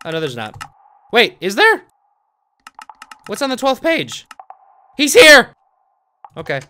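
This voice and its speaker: A young man commentating his play of a horror game, jumpy and yelling whenever he is startled. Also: sits high, huge pitch swings, measured pace. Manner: jumpy, shouting and screaming when startled. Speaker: gamer.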